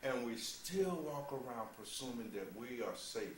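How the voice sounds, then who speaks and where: A man's voice: lively intonation, very noisy. Man preaching with sudden laughing outbursts. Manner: swings from low, measured lines to loud, laughing exclamations; addresses listeners as "beloved", asks "you see?". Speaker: spiritual teacher. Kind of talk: sermon. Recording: roomy, distant mic with faint ambience.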